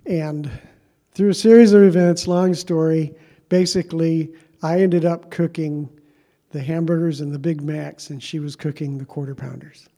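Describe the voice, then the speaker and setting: A man's voice: on the high side, fairly even intonation, moderate pace, warm tone. A man preaching a sermon as pastor, telling a story in a conversational, self-deprecating way.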